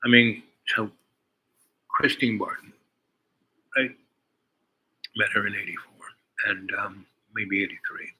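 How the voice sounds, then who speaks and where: A man's voice: lowish voice, steady tone, takes it slowly, pauses often, bright, forceful tone, slightly rough, poor audio. An older man telling a meandering personal story, full of fillers and asides. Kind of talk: rambling personal anecdote.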